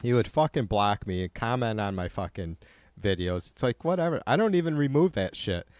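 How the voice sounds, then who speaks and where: A man's voice: fairly low pitch, animated, a little fast, a little mellow, dry recording, studio quality. A man hosting a livestream in casual chat, swearing constantly and ranting heatedly to his viewers. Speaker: livestream host.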